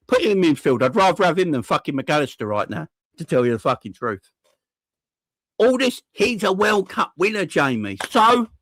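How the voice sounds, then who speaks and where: A man's voice: on the high side, a bit bright, no echo. A young man ranting about a football defeat, furious and sweary, repeating himself and firing off rhetorical questions. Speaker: football fan channel host. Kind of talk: angry fan reaction rant.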